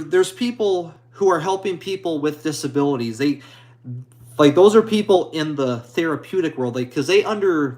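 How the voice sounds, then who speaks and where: A man streaming and answering viewer comments in a halting, hesitant way, apologetic and a little anxious. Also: fairly high pitch, a little mellow. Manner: halting, hesitant, with many restarts; apologetic and modest. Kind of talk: casual live chat.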